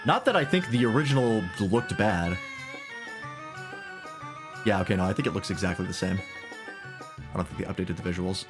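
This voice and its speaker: A man's voice: deep voice, moderate pace, pauses often. A man giving casual, irreverent let's-play commentary while playing a game. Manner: joking, irreverent. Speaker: gaming streamer. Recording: game music behind voice. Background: game music.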